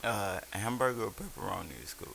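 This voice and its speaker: A man's voice: on the low side, fairly quick, creaky, fairly bright tone, a little hiss or hum. A man in casual podcast chat, loose and profane, telling stories with friends. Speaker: podcast co-host.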